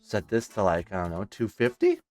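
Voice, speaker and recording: A man's voice: fairly low pitch, wildly swooping pitch, a little fast, a little mellow, faint music behind. A young man doing comedic reaction commentary, exasperated and sarcastic, swearing through his rants. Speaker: commentary YouTuber.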